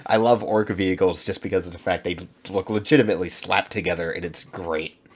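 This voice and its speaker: A man's voice: low voice, fairly even intonation, a little fast, breathy edge. A man hosting a reaction video, talking casually, thinking aloud and swearing freely as he comments.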